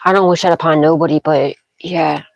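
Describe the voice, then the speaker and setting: A woman's voice: low-pitched, fairly even intonation, a little fast, vocal fry, no room sound, poor audio. Rambling woman reading tarot, dry sound. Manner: rambling, frequent "okay?" check-ins; intuitive, dramatic pronouncements. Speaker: tarot reader.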